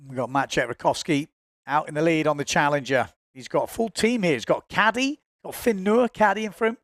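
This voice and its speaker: A man's voice: fairly high pitch, animated, brisk, fairly bright tone, no room sound, studio quality. A man giving chatty, informal live commentary on a windsurfing race, often correcting himself as he goes.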